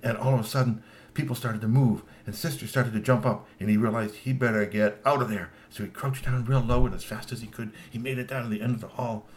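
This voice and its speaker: A man telling a children's story aloud, lively and full of put-on voices. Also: medium pitch, fast.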